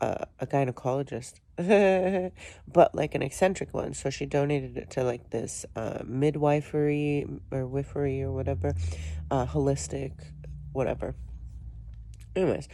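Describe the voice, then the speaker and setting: A woman's voice: rumbling low, fairly even intonation, unhurried, dark tone. A woman vlogger telling a long story in a casual, rambling way, with many restarts and fillers.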